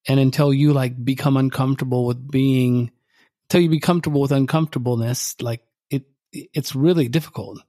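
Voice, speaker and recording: A man's voice: mid-range voice, fairly even intonation, fairly quick, dark tone. A man co-hosting a podcast for contractors, talking casually and rambling with many fillers and restarts. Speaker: podcast co-host, contractor coach.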